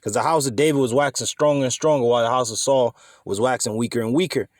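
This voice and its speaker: A man's voice: mid-range voice, quick pace, dry recording. Dry, close-miked man teaching scripture. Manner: emphatic, conversational, swears casually. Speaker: bible teacher.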